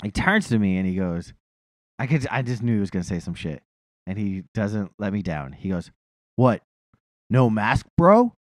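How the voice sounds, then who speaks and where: A man's voice: lowish voice, moderate pace, no echo. Guy ranting thru a funny story, cursing a lot, voice jumps all over, dry close mic. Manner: profane, animated, self-mocking storyteller. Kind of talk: casual storytelling chat.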